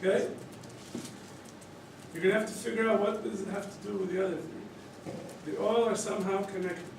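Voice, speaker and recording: A rabbi with a high, gravelly voice teaches a group at a moderate pace, working through story cases and animatedly acting out the characters' lines. He poses questions to listeners and chuckles. The background is noisy, and he's recorded from far away in a very echoey room.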